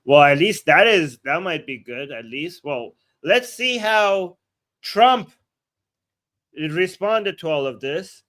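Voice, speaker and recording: A man hosts a live political stream, reading the news aloud and reacting with blunt sarcasm and frequent restarts. His voice is on the high side and fairly bright, with lively intonation, and he takes his time.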